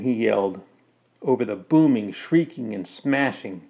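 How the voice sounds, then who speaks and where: A man's voice: fairly low pitch, lively intonation, measured pace, creaky. A man narrating a first-person story, later explaining it casually with fillers. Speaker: storyteller reading his own story. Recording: narrow phone-like sound.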